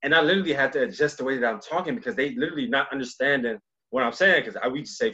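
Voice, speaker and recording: A Cleveland man hosts a casual podcast interview, talking loosely with lots of fillers and repeats. His medium-pitched voice is husky, pushed and bright, and he speaks very fast with few pauses. The recording is dull and lo-fi.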